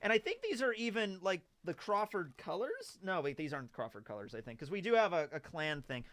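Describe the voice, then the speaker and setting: A young adult man hosting a live stream, chatting casually and excitably with frequent laughter. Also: sits high, brisk, no room sound. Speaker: streamer host.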